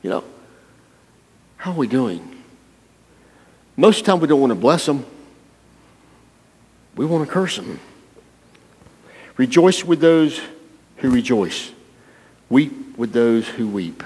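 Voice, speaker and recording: A man's voice: mid-range voice, big pitch swings, slow, pauses often, a little mellow, husky. A man preaching a folksy, playful sermon, calling out to people in the congregation by name. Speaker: pastor. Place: church. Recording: long reverb of a church hall.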